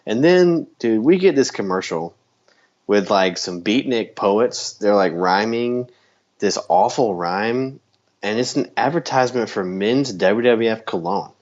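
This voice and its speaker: A man's voice: on the low side, expressive, measured pace, darkish tone. A man co-hosting a podcast in casual chat, ranting with energy and laughing often. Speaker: podcast co-host. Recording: dull lo-fi sound.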